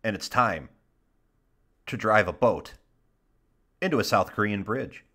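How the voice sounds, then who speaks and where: A man's voice: fairly low pitch, animated, measured pace, pushed and bright. A man co-hosting a podcast in casual chat, joking, mocking himself and reading chat messages aloud. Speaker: podcast co-host.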